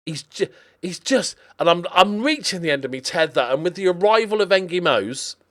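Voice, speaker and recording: A man's voice: high-pitched, a little fast. A man gives casual, chatty commentary on his video game season, with many fillers and restarts. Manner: chatty and animated, with lots of fillers. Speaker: gaming commentator.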